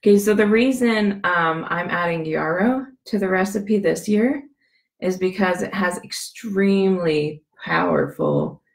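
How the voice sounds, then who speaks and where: Gravelly woman with a scratchy voice. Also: lowish voice, unhurried, roomy sound. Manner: rambling, chatty, with many fillers and restarts. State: scratchy voice from a cough. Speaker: essential oil demonstrator. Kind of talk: casual how-to demonstration.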